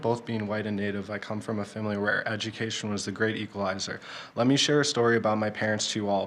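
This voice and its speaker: A man's voice: on the low side, a bit bright. A polite young man, a student, reading a personal statement during public comment at a school board meeting. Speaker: student speaker.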